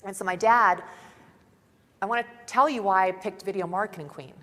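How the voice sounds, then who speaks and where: Speaking at normal speed with a medium pitch and a slightly bright tone, a young woman gives an upbeat motivational conference talk. She's chatty and says "like" often; the stage-mic recording carries the long reverb of a large conference hall.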